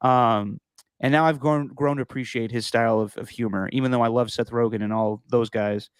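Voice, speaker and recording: A man co-hosting a podcast in casual chat, enthusiastic and quick to laugh. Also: mid-range voice, steady tone, smooth, no room sound. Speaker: podcast co-host.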